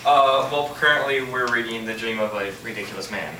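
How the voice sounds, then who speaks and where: A man on stage playing a nervous male literature professor who talks haltingly. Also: medium pitch, lightly acted. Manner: halting, flustered. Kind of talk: amateur stage acting. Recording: echoey hall from far off, noise.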